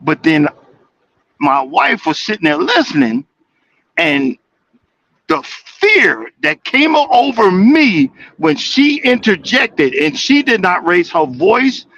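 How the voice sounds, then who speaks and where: A man's voice: sits high, very animated, slow pace, creaky, a bit bright, no room sound, highs cut off. A man calling in from his truck cab during a casual chat, talking in stammering restarts and laughing easily. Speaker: caller.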